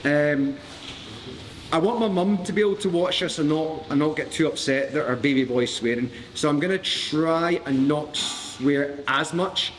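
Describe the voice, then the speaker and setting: A man's voice: fairly high pitch, moderate pace, big-room sound, slight background noise. Cheeky Glaswegian man coaching a class. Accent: Glaswegian Scottish. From Glasgow, Scotland. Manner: jokey, cheeky, swears freely. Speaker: martial arts instructor. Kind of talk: live class demonstration. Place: training mat with a class around him.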